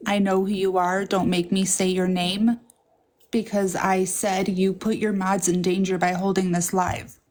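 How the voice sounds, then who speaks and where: A woman joining a livestream chat, speaking in a pointed, deliberate way. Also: mid-range voice. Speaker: livestream guest.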